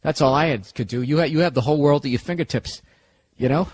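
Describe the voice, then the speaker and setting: A podcast host with a Boston accent speaks fast in a fairly high, darkish voice with a breathy edge and no echo. In a casual comedic monologue he gives rambling, profane, sarcastic advice, recorded on a podcast studio mic.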